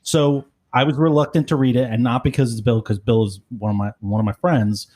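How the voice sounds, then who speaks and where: A man's voice: mid-range voice, fairly even intonation, fairly quick, dark tone. Rambling, wry podcast man. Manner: rambling, many fillers, wry. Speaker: podcast co-host. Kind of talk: casual chat.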